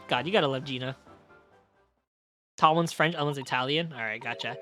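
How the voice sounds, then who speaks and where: Animated streamer woman over game music. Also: deep voice, brisk. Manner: swings between character voices and swearing asides. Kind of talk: live game playthrough with read-aloud dialogue.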